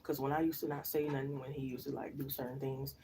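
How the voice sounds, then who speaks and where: A woman's voice: rumbling low, flat delivery, fast talker, mellow, recorded from a distance, slight background noise, poor audio. A woman tarot reader in casual live-stream chat, telling slangy stories and laughing often. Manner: chatty, slangy storytelling with frequent laughs.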